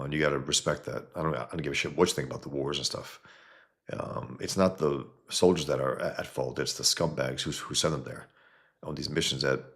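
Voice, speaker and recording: A man with a very low voice hosts a casual livestream from his home setup. He reads viewer comments aloud and answers them bluntly, rambling along and sometimes swearing. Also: fairly bright tone. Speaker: livestream host.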